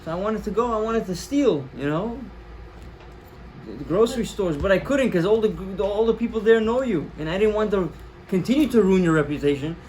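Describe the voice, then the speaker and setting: A man's voice: high voice, animated, brisk, a little mellow, slight background noise, low-quality recording. A man voicing a young runaway son explaining where he has been. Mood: confessing.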